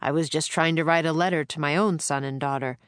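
A stern but kindly soldier captain from a storybook, as a woman narrator puts him on. He speaks low and gruff with a commanding edge, in a close, dry reading. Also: fairly even intonation, a little fast, dry recording, lightly acted.

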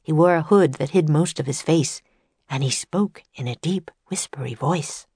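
A woman voicing a polite, formal gray-haired older woman at a fair, speaking crisply and courteously. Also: low-pitched, moderate pace, dark tone, no room sound, studio quality. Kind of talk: storybook character voice.

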